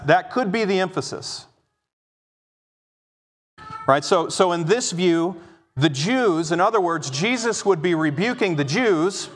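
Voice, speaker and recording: A man's voice: on the high side, fairly bright tone. A man preaching an expository sermon, emphatic, acting out quoted speech and often checking in with "right?". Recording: long hall reverb.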